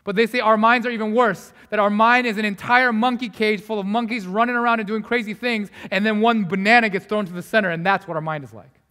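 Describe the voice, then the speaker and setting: A young man preaching a sermon as a pastor, telling the story in a casual, conversational way, acting out the people in it and dropping to hushed asides. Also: high voice. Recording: long hall reverb.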